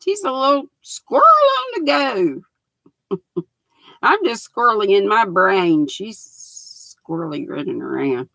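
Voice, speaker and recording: A woman's voice: mid-range voice, big pitch swings, takes it slowly, vocal fry, pushed and bright, no room sound, poor audio. An older woman, hosting a livestream in a folksy, chatty way, reading out comments from her viewers. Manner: folksy, chatty, laughs often. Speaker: livestream host.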